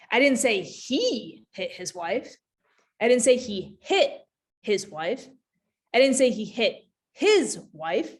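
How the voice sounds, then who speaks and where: A woman business coach giving a webinar presentation in a voice of middle pitch. She talks casually and straight to her listeners, and picks up speed when she tells a story. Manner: casual and chatty, talking straight to the audience.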